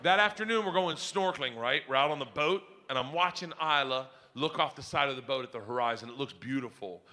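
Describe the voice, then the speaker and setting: A middle-aged man performing a stand-up comedy set on stage, telling rowdy stories loudly with big swings. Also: mid-range voice, brisk. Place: comedy stage before a live audience.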